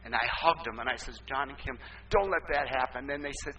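An older man preaching a sermon as pastor, asking rhetorical questions and swinging between loud emphasis and quiet asides. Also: medium pitch, brisk, hardly any pauses. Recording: distant mic with faint hum.

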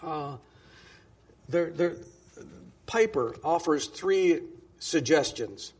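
Man, pastor, sermon, high voice, husky, conversational, emphatic quoting. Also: animated, very slow, darkish tone.

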